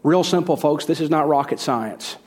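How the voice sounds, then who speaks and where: A middle-aged pastor preaching with strong emphasis. His voice sits a little high for a man, and he hammers points home with repeated phrases and rhetorical questions. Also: moderate pace, darkish tone, husky. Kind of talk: sermon.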